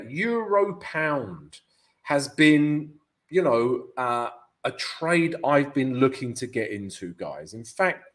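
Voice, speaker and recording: A chatty man with a London accent, speaking at a medium pitch. He hosts a live trading stream, greets viewers, and talks them through his chart analysis in a relaxed, conversational way. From United Kingdom. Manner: chatty, keeps calling viewers "guys".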